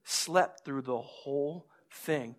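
A man preaching a sermon, telling stories with lively, acted-out moments and drawing lessons from scripture. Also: mid-range voice, slow. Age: adult with a young son. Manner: animated storytelling, acts out scenes. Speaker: pastor.

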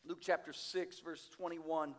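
A man preaching a sermon as pastor, emphatic, slowing down for quoted scripture. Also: a little high, fairly even intonation. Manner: emphatic, varies loudness widely, slows on quoted scripture. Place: church sanctuary.

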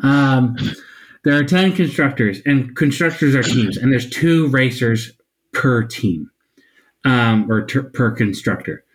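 A man's voice: medium pitch, takes it slowly, rough recording. A man co-hosting a casual podcast chat, loose and rambling after a few drinks. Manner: loose and rambling, says he has been drinking. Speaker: podcast co-host.

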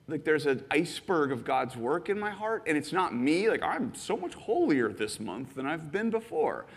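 A fast-talking pastor in his thirties, a man with a high voice, preaching with animated, filler-heavy storytelling. His voice rings in a church hall with a long reverb. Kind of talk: sermon. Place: church sanctuary.

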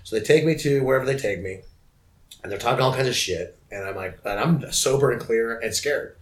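A man's voice: mid-range voice, fairly quick. Profane middle-aged man telling a story. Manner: profane, animated, repeats and restarts words. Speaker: guest musician. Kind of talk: casual storytelling.

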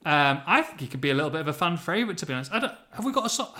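A man hosts a football podcast, his voice sitting a little high for a man. He talks in a chatty, teasing way, ribbing his co-host and hyping things up. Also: sing-song, racing, sharp tone. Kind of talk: casual football podcast chat.

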